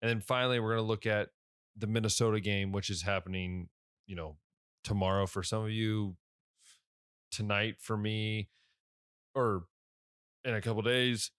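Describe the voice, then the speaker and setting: Young male podcast host, late-night and sleepy, chatty with lots of fillers, lowish voice, dry recording. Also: fairly even intonation, normal speed, fairly bright tone, clean tone, no echo. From Ohio. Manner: rambling, self-correcting, many fillers. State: tired, yawning. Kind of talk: casual solo podcast talk.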